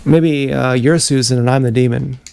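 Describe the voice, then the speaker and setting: On an action camera with faint noise in the background, a man streams a rambling, confessional monologue, restarting haltingly throughout. His mid-range voice is steady, creaky, a little mellow, and clear with a resonant tone.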